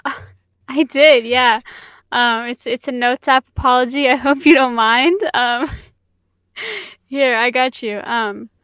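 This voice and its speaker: Young woman, podcast co-host. Higher pitch, smooth and resonant, dry close sound. Giggly, rambling. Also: fairly bright tone, no room sound. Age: young adult. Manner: giggly, quick and rambling, frequent "um". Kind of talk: casual chat.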